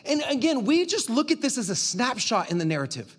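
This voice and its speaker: Lively male pastor, sermon, high voice that leaps around, dramatic volume swings. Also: fairly quick.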